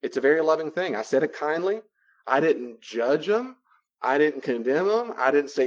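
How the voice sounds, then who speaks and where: A man giving a conversational teaching talk, acting out both sides of the dialogues with lively shifts in his voice. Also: fairly high pitch, normal speed. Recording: dull lo-fi recording.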